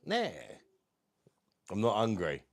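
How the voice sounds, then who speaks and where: A London man from South East London hosts a casual livestream from home, reading out viewer comments and calling everyone "mate." His voice sits on the low side, with wildly swooping pitch and a slow delivery.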